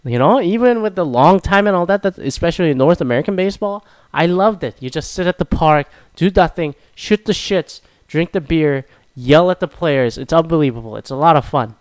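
A man's voice: fairly high pitch, lively intonation, fairly quick, no room sound. A young man from Korea, hosting a casual solo talk and ranting profanely with self-mocking asides. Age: young adult.

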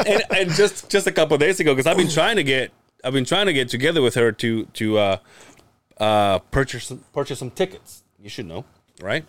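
A man co-hosts a casual podcast chat, animatedly telling family stories, acting out relatives' quotes, swearing and laughing often. His voice is mid-range and brisk. Crowd noise can be heard in the background.

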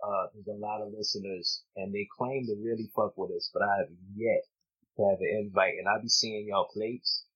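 A podcast co-host chatting in a laid-back, slangy way. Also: male voice, fairly low pitch, steady tone, normal speed, husky, lo-fi sound. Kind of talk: casual chat.

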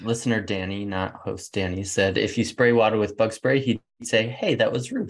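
A man hosting a podcast, reading out listener answers in a lively, laughing way. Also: lowish voice, normal speed. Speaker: podcast host.

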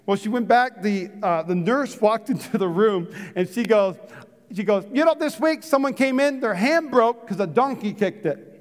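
A man preaching a sermon to his church, animated and chatty, jumping from loud punchy lines to hushed low ones and joking with the congregation. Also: normal speed. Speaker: pastor. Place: church sanctuary. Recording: long reverb of a big hall.

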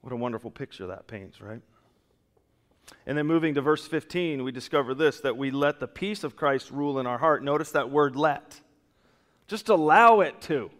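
A man preaching a sermon as pastor, animated, acting out quoted excuses, his voice swinging from loud peaks to quiet drops. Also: medium pitch, normal speed. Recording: long reverb of a church hall.

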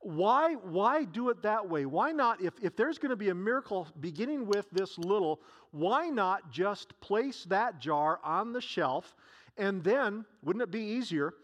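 High-voiced male preacher telling a story. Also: lively intonation, a little slow, muffled recording. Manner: storytelling, acts out scenes, many rhetorical questions. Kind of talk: sermon.

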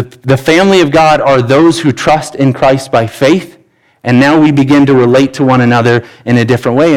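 A man's voice: medium pitch, rough recording. A man in his thirties, a pastor, preaching a sermon in an earnest, conversational way with frequent restarts. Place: church sanctuary.

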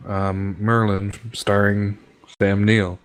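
A man's voice: on the low side, little pitch movement, slow pace. A man chatting on a podcast as co-host, giving dry short replies and hesitating with many ums. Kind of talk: casual chat.

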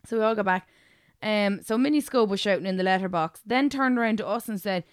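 A young woman co-hosting a casual podcast, telling an animated, sweary story. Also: medium pitch, fast talker, smooth, no echo, studio quality. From Ireland. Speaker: podcast co-host. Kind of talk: casual chat.

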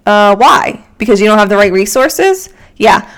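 A woman hosting a solo motivational podcast, talking into a microphone with energetic, casual pep-talk delivery, swearing freely and slightly out of breath. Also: mid-range voice, normal speed, clear, resonant tone. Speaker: podcast host and fitness coach. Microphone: studio microphone.

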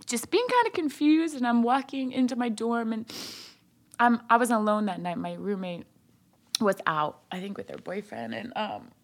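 A young woman from Ohio sharing her personal faith testimony as a guest, animated, acting out what others said, with many fillers. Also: medium pitch, normal speed. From Ohio, USA. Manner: animated retelling, voices others' quotes, frequent fillers.

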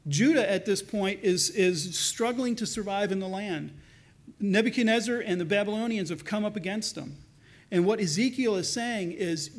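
A pastor preaching a sermon in an earnest, conversational way, slowing down to read scripture with emphasis. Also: male voice, high voice.

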